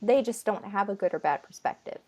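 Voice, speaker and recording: A woman answering interview questions as a medium relaying messages, in a halting, measured way with short broken phrases. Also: mid-range voice, a little mellow.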